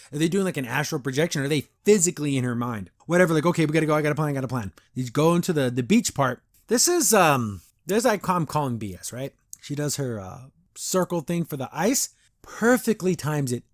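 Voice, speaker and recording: A man with a slightly high voice talks through an episode review in a loose, chatty way. He is opinionated and easily amused, and he speaks into a close podcast microphone. The sound is dry, with no room echo. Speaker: podcast host. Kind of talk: casual episode review commentary.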